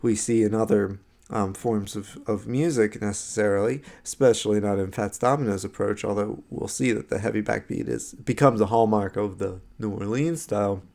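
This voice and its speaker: A man's voice: fairly low pitch, steady tone, moderate pace, vocal fry, a little mellow. A man giving a recorded slideshow lecture on music history, conversational, with many fillers and restarts and frequent "right?" checks.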